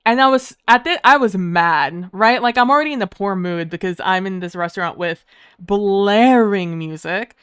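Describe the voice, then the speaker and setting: A woman chatting casually on a livestream, her voice smooth and clear. The sound is dry and close, with no room around it. She swears freely, speaks in quick, heated bursts and leans on "um" and "like". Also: medium pitch, fairly bright tone, no echo. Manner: frequent fillers like "um" and "like". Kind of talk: casual storytelling to a live chat.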